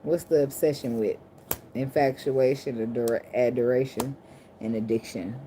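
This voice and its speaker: Low-voiced, blunt, profane woman tarot reader. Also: steady tone, normal speed, mellow. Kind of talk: casual tarot reading to camera. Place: indoors at night under a ring light. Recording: clear background noise of clicks and shuffling cards.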